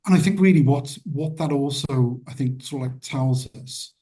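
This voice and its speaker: A man's voice: mid-range voice, normal speed, warm tone. A man being interviewed about trade union work, answering earnestly and restarting his words often. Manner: hesitant, repeats words, earnest.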